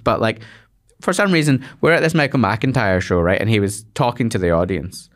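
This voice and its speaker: A Scottish man, a guest comedian, telling stories in casual chat with lots of quick restarts. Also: fairly low pitch. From Scotland. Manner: rambling storyteller with quick restarts.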